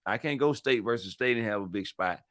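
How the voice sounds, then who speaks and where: A man's voice: fairly low pitch, fairly quick, a bit bright, no echo, studio quality. A man hosting his own channel, talking in a casual, rambling monologue full of slang, repeating himself and hyping things up playfully. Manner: slangy, repetitive, playful hype. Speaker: channel host.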